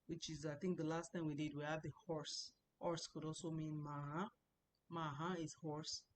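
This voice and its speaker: Low-voiced woman teaching an online class. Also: a little mellow, a little hiss or hum. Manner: patient, repeats tones and words many times. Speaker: Chinese language teacher. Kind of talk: online lesson. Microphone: computer mic, speaking to a screen.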